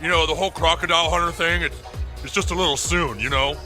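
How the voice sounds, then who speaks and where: Satan, as a woman plays him, a low awkward cartoon devil. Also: steady tone, fast, sharp tone, faint music behind. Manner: hesitant, awkward, mumbling "dude". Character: Satan, whiny male devil party host.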